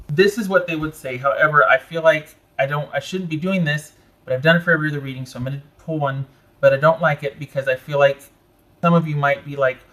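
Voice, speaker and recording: A slightly high-voiced man doing a casual tarot reading. He talks in a loose, conversational way, breaks off mid-thought for animated asides, and corrects himself as he goes. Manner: chatty, self-interrupting, animated asides. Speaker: tarot reader.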